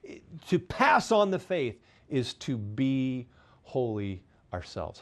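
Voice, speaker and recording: A man presenting a parenting and faith talk to a live studio audience. He is candid and self-deprecating with light humor, and his delivery swings between loud, high emphasis and soft, low asides. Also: very animated, slow.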